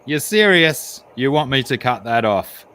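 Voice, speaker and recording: A man with a very low voice voicing a barman in a joke he tells, asking in disbelief and a little higher than his own voice. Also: normal speed, natural voice. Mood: incredulous. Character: incredulous male barman in a bar joke.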